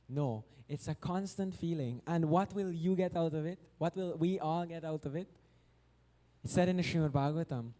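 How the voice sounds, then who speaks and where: A man preaches at a temple festival with a lively, storytelling delivery. His voice sits a little high but sounds mellow and soft-edged. He acts out the characters and slips into chanted verses as he goes. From Guyana. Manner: animated storyteller acting out voices, sings verses. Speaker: devotional speaker. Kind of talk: storytelling sermon. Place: temple hall.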